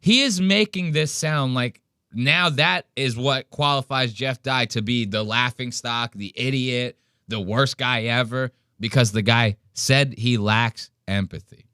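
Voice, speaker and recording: A man hosting a podcast, mocking a clip with profane, animated reaction commentary. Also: medium pitch, measured pace, clean tone, no room sound, studio quality. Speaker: podcast host.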